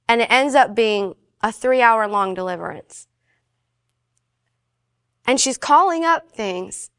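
A woman telling a personal faith story in a casual, animated way, briefly acting out the voices of the people in it. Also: on the high side, no echo, studio quality. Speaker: guest sharing her faith testimony.

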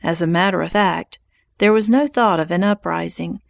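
A woman reading historical nonfiction aloud in a measured, even audiobook narration. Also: fairly low pitch, creaky, no echo.

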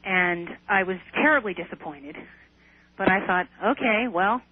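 Woman guest on the phone, earnest and unhurried, sounds tinny like a call-in line. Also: fairly low pitch, animated, dry recording. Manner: earnest, unhurried, hesitant restarts. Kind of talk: recounting a personal experience in an interview.

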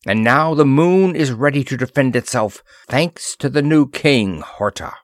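A man's voice: medium pitch, lively intonation, a little slow, no echo, clean studio sound. A man voicing a proud, stern older queen in an audiobook, speaking harshly and solemnly. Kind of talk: audiobook character voice.

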